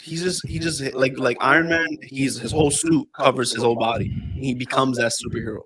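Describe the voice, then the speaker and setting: A young man co-hosting a casual podcast chat, animated and profane, joking with friends. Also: medium pitch, fairly quick, crowd noise, poor audio. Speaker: podcast co-host.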